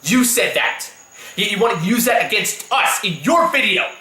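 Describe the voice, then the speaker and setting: A man's voice: sits high, expressive, moderate pace, bright, forceful tone, roomy sound, low-quality recording. A man delivering a heated, profanity-laced rant as a YouTube commentator, repeating himself for emphasis. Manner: heated, profane, repetitive ranting. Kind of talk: angry rant vlog.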